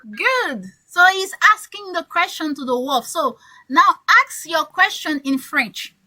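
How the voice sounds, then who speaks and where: A woman with a very high, bright voice coaching an English class. She speaks slowly and repeats key phrases to encourage her learners. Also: animated, low-quality recording. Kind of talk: teaching an online class.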